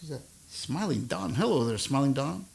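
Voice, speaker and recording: An older man hosting his own live stream, chatting with viewers in a rambling, soft-spoken way. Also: mid-range voice, lively intonation, normal speed, vocal fry. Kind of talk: casual chat with viewers between songs. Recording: acoustic guitar music behind the voice.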